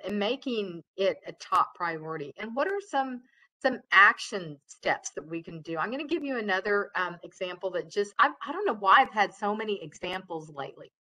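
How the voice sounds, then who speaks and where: Brief: woman trainer, casual lecture, talks loud, lots of ums, sharp bright tone. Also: on the low side, poor audio. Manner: chatty, loud, many fillers and restarts. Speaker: customer service trainer.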